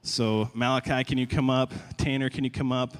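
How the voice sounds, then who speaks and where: A man's voice: mid-range voice, normal speed. Conversational man preaching in a big hall. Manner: conversational, animated, stumbles and repeats words. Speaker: pastor. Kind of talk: sermon. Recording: long reverb of a large hall.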